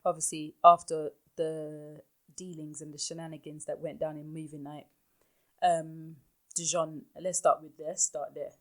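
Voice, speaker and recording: A woman's voice: low-pitched, level tone, a little slow. A woman hosting a casual podcast recap, blunt and exasperated in her opinions. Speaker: podcast host.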